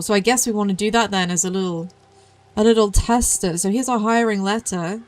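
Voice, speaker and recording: Her voice sits at a medium pitch and moves a little fast as this young woman streams a game. In easygoing commentary she reads on-screen text out loud and pokes fun at herself.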